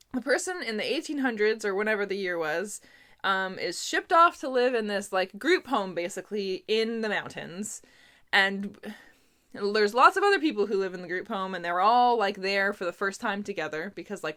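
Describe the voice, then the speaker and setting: With a medium-pitched, bright and forceful voice at normal speed, the young Canadian woman talks expressively about books she's read. Her casual review is peppered with laughter and asides.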